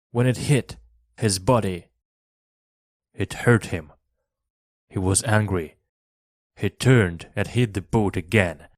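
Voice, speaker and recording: A man reading a storybook aloud for language learners in a plain, measured way, one sentence at a time. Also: on the low side, no room sound, clean studio sound. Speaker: reader. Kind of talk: slow storybook narration for learners.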